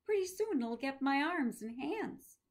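A woman voicing a dying elderly male professor who speaks softly, calmly and without self-pity. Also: sits high, voice pushed up. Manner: soft, gentle, unhurried.

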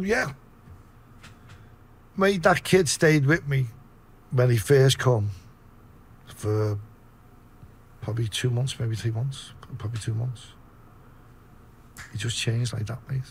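A man with a Liverpool accent telling profane, animated stories in a casual interview. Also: mid-range voice, a little hiss or hum. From Liverpool, England. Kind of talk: casual storytelling.

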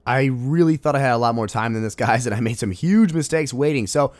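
Male gaming video host, mid-pitched, excitable casual commentary, dry close sound. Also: brisk, no echo. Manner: excitable, exclaims at game moments.

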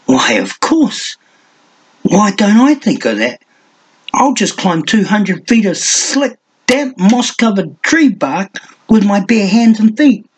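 A man's voice: high voice, big pitch swings, takes it slowly, husky, pitched above the performer's own voice, heavily acted, poor audio. A man reading an audiobook and voicing a lean, sardonic young male hunter with a mocking, theatrical manner. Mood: sarcastic.

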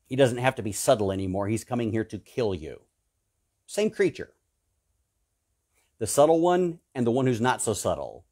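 A man preaching a sermon, fervent and emphatic, swinging between loud peaks and low hushed stretches, repeating and listing words for emphasis. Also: very animated, moderate pace, long pauses. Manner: repetitive, emphatic lists.

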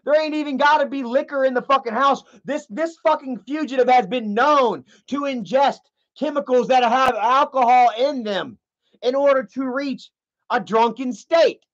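High-voiced ranting male streamer. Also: moderate pace, fairly bright tone. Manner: ranting, profane, rambling with fillers. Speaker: livestream host. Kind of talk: livestream commentary. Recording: muffled lo-fi audio.

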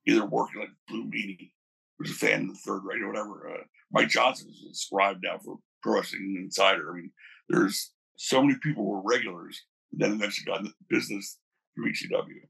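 An older man, a former wrestling promoter, telling animated stories in a casual interview, acting out the people he quotes. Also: lowish voice, fast, creaky, husky. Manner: animated storyteller, acts out quoted voices.

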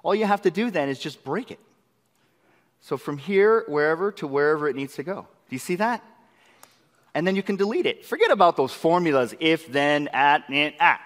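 An excitable man leads a live software demo, his voice pitched a little high and full of eager rhetorical questions. He is recorded through a presenter mic, and the long reverb of a conference hall trails behind his words. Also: normal speed. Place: large conference session room.

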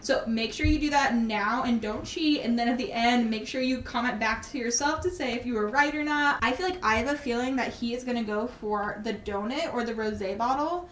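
Bubbly high-voiced young woman vlogger. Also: brisk, few pauses, a bit bright. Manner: bubbly, gushing and giggly. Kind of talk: casual vlog chat.

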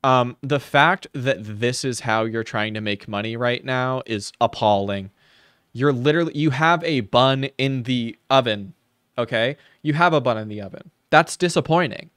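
A man rants through a sarcastic reaction commentary, mocking and swearing freely. His voice sits at an ordinary pitch. The sound is dry and close, with no room around it. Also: moderate pace, fairly bright tone, no echo. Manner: mocking, profane, ranting. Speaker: commentary YouTuber reacting to a video.

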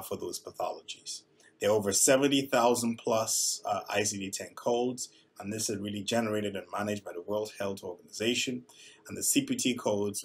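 A man, a surgeon, gives a measured instructional presentation with frequent filler sounds. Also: lowish voice, vocal fry, husky. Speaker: neurosurgeon teaching coding.

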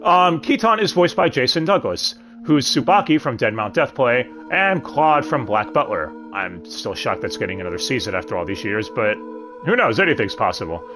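A man hosts a relaxed review stream, chatting freely and tossing in jokes along the way. His pitch swings widely as he talks, and clear music plays behind him. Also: normal speed. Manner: chatty, with joking asides. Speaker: host. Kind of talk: casual review commentary. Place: home streaming setup. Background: background music.

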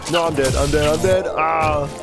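A man's voice: on the high side, moderate pace, gravelly. A man from Tucson, Arizona, doing casual commentary while playing a fighting game, yelping and laughing as he plays. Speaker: gaming video creator. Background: loud fighting game music and sound effects.

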